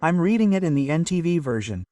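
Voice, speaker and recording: A man's voice: fairly high pitch, very animated, quick pace, dark tone, no echo, recorded from a distance. A man giving an earnest, casual motivational talk to camera and often checking in with "okay?". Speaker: motivational vlogger. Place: at home early in the morning.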